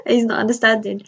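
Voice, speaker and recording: A woman in her thirties, hosting a casual livestream and telling family stories in a chatty, animated way. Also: on the high side, husky, dull audio. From United Kingdom. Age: 30s. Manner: chatty, animated retelling with quoted voices. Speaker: livestream host. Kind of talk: casual storytelling chat. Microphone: laptop or phone mic.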